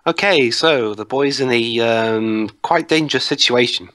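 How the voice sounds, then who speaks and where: A man's voice: mid-range voice, measured pace, bright, forceful tone, dry recording. A man hosting a casual group movie commentary, organizing the others with many ums and hesitations. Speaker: commentary host picking movies.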